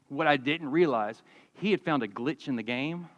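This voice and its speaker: A man in his forties preaching a sermon, telling stories in a lively, conversational way with humor. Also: a little high, a little fast, in a large hall, lo-fi sound. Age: 40s. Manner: animated storytelling, conversational with humor. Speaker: pastor. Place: church sanctuary.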